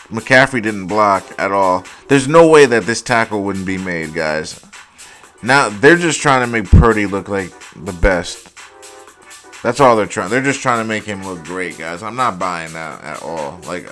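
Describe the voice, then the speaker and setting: A young man hosting a casual football highlights reaction, exasperated and profane, saying "like" constantly. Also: fairly bright tone. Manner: exasperated, profane, heavy use of "like". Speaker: host.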